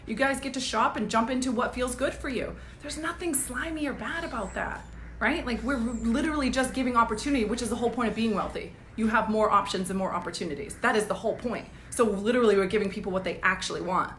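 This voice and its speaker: A woman coach talks straight into her phone on a live stream, upbeat and blunt, dropping the odd swear and laughing as she goes. Her voice sits slightly high. The room around her rings with echo, and a faint low rumble runs underneath. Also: quick pace. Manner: energetic, blunt, laughs often, swears casually. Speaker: business coach. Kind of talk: casual live-stream pep talk.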